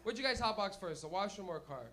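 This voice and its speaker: His high-pitched voice is fast and sharp, with lively intonation, as the young man hosts a small club night onstage for a live audience. The stand-up is loose and rowdy, heavy on swearing, with quoted lines acted out.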